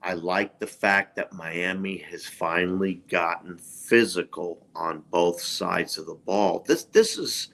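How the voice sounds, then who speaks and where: Dude talking football on a stream, really slow, lowish voice, emphatic. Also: male voice, bright, forceful tone. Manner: slow, emphatic fan opinions. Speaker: podcast co-host. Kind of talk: casual sports chat. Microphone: live stream microphone.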